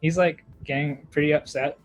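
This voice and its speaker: A man's voice: fairly high pitch, fairly even intonation, moderate pace, music in the background, poor audio. A young man, a podcast co-host, telling a long story in casual chat, with lots of fillers, "like" and laughter. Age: young adult.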